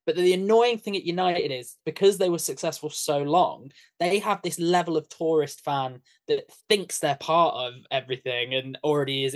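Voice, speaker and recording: Blunt, opinionated man on a football podcast. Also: fairly high pitch. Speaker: podcast co-host. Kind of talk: casual football chat.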